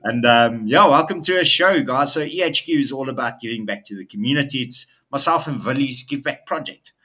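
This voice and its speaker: A man's voice: mid-range voice, a little fast, bright, forceful tone. A man co-hosting a casual business chat show, upbeat and talking in loose run-on sentences with fillers. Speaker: co-host.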